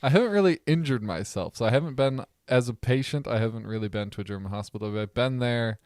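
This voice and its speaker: A young man from the American Midwest with a Midwest accent, co-hosting a podcast in relaxed, rambling casual chat. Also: mid-range voice, fast talker, no echo, studio quality. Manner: relaxed, rambling, laughs often. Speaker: podcast co-host.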